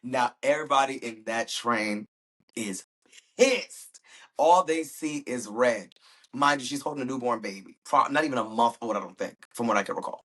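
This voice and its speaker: A man's voice: medium pitch, fairly quick, fairly bright tone. A man hosting a podcast, casually recapping a TV episode in a chatty, slangy way and acting out quoted lines. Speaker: podcast host.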